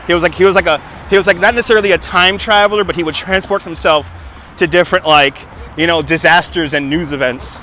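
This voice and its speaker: A man's voice: high-pitched, fairly even intonation, fast, bright, forceful tone, a little hiss or hum. A man with a Brooklyn accent hosting a casual live stream on a city waterfront, chatting, laughing often and thanking donors, recorded on a phone on a gimbal. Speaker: livestream host.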